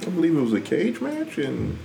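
A man co-hosting a podcast, asking the guest questions in a halting way full of fillers. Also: on the high side, wildly swooping pitch, gravelly, dark tone, slight background noise, poor audio. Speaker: podcast co-host. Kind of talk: casual chat.

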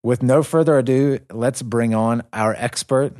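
A man's voice: medium pitch, steady tone, measured pace, darkish tone. A man with a Southern US accent co-hosting a podcast, playful and upbeat. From North Carolina, US. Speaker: podcast co-host. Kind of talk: casual conversation.

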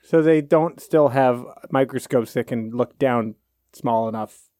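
A man's voice: mid-range voice, mellow, dry recording, clean studio sound. Wisecracking man co-hosting a podcast. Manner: quick wisecracking interjections. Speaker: podcast co-host. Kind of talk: joking history chat.

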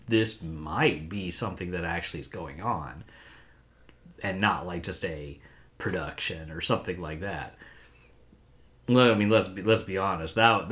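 Low-voiced man in laid-back chat. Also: a bit bright. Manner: laid-back, halting restarts. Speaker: podcast co-host. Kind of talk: casual chat.

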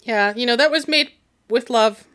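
A woman's voice: fairly high pitch, moderate pace, a bit bright. A woman taking part as a player in a tabletop game, polite and easygoing.

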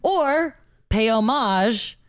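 Woman on a chat podcast, smooth clear voice, laughs a lot, cusses casually. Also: a little high, expressive, drawn-out words, no room sound. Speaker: podcast co-host.

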